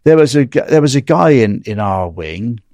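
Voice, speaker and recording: A man's voice: mid-range voice, lively intonation, normal speed, darkish tone, no room sound. A man from England, recounting his time in a US prison in a rambling, anecdotal way, often tagging "right?". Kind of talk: casual storytelling interview.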